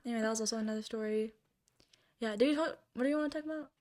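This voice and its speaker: A woman's voice: fairly high pitch, very fast, darkish tone. A young woman co-hosting a podcast, telling rambling stories full of fillers in casual chat. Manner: rambling storyteller, many fillers. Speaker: podcast co-host.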